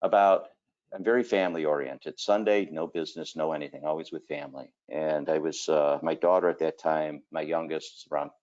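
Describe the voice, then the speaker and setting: A kitchen designer talking through a screen-share presentation, telling folksy stories and filling gaps with 'okay' and 'you know'. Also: male voice, a bass voice, fairly even intonation, fairly quick, darkish tone, muffled recording. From Cleveland area, Ohio.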